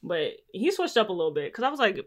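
Animated young woman in casual chat. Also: mid-range voice, fast talker. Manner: animated, joking, laughs often.

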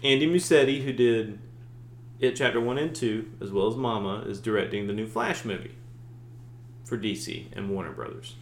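A man co-hosting a podcast in casual chat, animated and swearing freely, slipping into mock voices. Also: fairly low pitch, moderate pace, echoey room, slight background noise. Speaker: podcast co-host.

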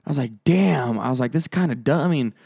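A man's voice: mid-range voice, rapid-fire, darkish tone, slightly rough, dry recording, clean studio sound. A man telling a long story in casual chat, rambling with lots of filler words and swearing.

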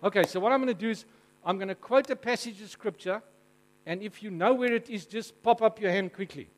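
High-voiced, lively South African male preacher. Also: fairly quick, rough recording. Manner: animated and jokey, asking the audience questions. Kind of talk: storytelling sermon to a live congregation.

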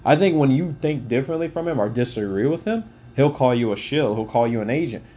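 Angry husky-voiced man in his twenties. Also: mid-range voice, expressive, brisk, warm tone. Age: 20s. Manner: heated, swears often, direct address. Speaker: podcaster. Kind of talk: angry profane rant.

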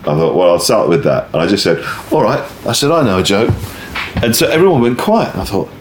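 In an interview, a stand-up comedian with a deep voice talks at a quick pace, telling a rambling and animated story in which he keeps cutting himself off and beginning again. There's an echoey room and slight background noise.

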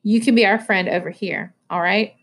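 A woman's voice: mid-range voice, steady tone, moderate pace, creaky. A woman reading aloud voices a friendly, easygoing teenage boy from a farm crew. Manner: friendly, casual.

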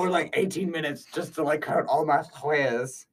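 A man with a fairly high voice, slightly off the mic, riffs through a mock interview as a silly evil scientist. He rambles, trips over words and restarts, keeping the bit going without breaking. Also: a little slow, far from the mic, slight background noise. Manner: rambling, goofy, self-correcting. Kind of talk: improvised comedy interview.

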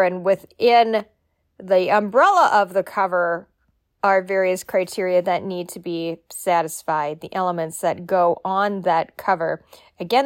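A woman's voice: mid-range voice, no room sound, studio quality. A woman talking solo as a publishing coach, chatty and joking, with playful asides. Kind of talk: solo podcast talk.

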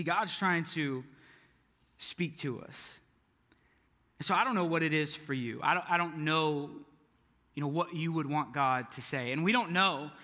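A young male pastor with a high, very bright voice delivers a casual, story-driven sermon. He drops to a hush and then pushes hard on key lines, and his voice rings with long reverb through a church hall. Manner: casual, storytelling, swings from hushed to emphatic.

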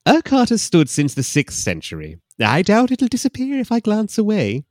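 A man's voice: sits high, huge pitch swings, normal speed, a little mellow, no echo, studio quality, pitched above the performer's own voice. A man voicing a middle-aged male police chief, formal and gallant, in a put-on brogue, his voice raised.

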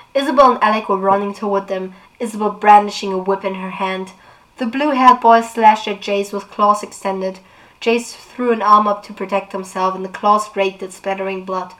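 A woman's voice: mid-range voice, fairly bright tone, rough recording. A woman book vlogger recapping a plot in casual chat, with fillers, and reading a novel aloud.

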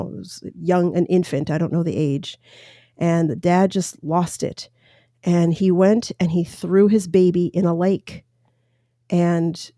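A woman with a lowish, dark voice hosts a solo podcast, recounting a news story and offering her opinions as she rambles and corrects herself. The recording is dry and studio quality, fitting the casual commentary format.

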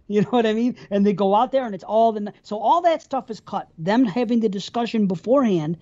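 Woman, co-host, mellow dark tone, swears a lot, rambles through scene recaps, slightly muffled recording. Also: mid-range voice, fairly quick. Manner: profane, rambling, retells scenes at length. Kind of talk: casual film discussion.

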